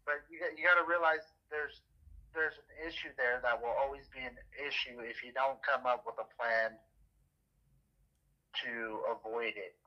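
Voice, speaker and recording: A man's voice: mid-range voice, fairly even intonation, normal speed, muffled recording. A man in casual chat, telling stories in a rambling way, swearing freely and laughing often.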